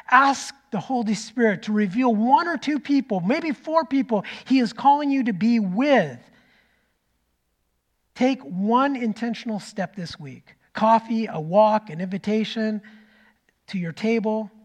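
A middle-aged man preaching a sermon as pastor, telling a story that swings from loud to nearly whispered. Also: high-pitched, expressive, unhurried. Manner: storytelling, rising loud then dropping to a near whisper.

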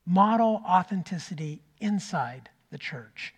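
A middle-aged man preaching a sermon as pastor, telling a story that swings from loud to nearly whispered. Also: high-pitched, expressive, measured pace, lo-fi sound. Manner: storytelling, rising loud then dropping to a near whisper.

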